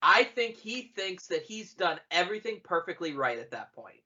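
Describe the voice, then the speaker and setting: Bright-voiced podcaster in their thirties. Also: medium pitch, big pitch swings, moderate pace, few pauses. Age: 30s. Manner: rambling, joking and profane. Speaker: podcast co-host. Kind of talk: casual chat. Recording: dull lo-fi podcast audio.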